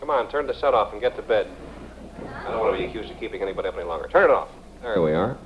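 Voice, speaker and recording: A man's voice: on the low side, lively intonation, racing, a crowd in the background. Playful man hosting a late-night show. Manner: playful, chuckling, reads out tongue twisters. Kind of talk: casual on-air banter. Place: TV studio. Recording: dull hissy off-air TV recording.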